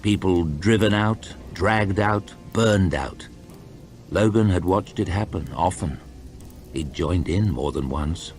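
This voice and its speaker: A man reading a fantasy novel aloud in an expressive storytime style. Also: low voice, slow, soft background music. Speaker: audiobook reader.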